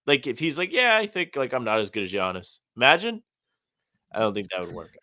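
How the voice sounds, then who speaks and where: A man's voice: lowish voice, big pitch swings, a little fast, bright, forceful tone, no room sound. A man co-hosting a casual sports podcast, reading out listener comments and giving blunt opinions. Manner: reads listener comments aloud, opinionated and conversational. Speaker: podcast co-host.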